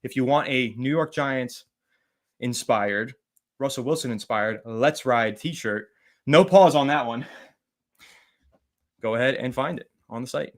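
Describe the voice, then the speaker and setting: A man hosting a live fan stream, chatting casually, rambling and shouting out viewers by name as he reads their comments. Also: mid-range voice, unhurried, long pauses.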